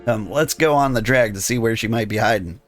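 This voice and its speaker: A man reading a gruff male rogue guild thief who talks in conspiratorial thieves' slang. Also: fairly low pitch, fairly quick, soft background music, lightly acted. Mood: wry.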